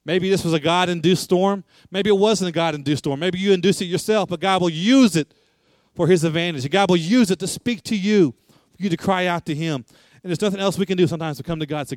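A man's voice: sits high, quick pace, darkish tone, no room sound. A man preaching a sermon, emphatic and repetitive, asking rhetorical questions.

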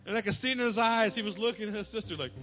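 Animated male pastor preaching over guitar. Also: high voice, rapid-fire. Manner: animated storytelling, shouting quoted cheers. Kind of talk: sermon with a story. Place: church.

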